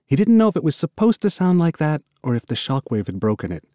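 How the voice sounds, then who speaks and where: A man narrating an audiobook in an expressive, storytelling manner. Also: medium pitch, fast, few pauses, no room sound, clean studio sound. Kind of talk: scripted narration.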